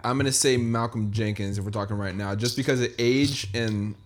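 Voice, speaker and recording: A man in a casual sports podcast, laying out his reasoning in a measured way. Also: fairly low pitch, fairly even intonation, faint music behind.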